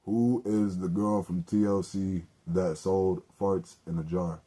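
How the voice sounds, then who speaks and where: A man's voice: low-pitched, steady tone, slow pace, warm tone. A young man hosting a solo podcast, telling loose, profane stories with joking asides and self-corrections. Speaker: podcast host. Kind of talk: casual solo storytelling.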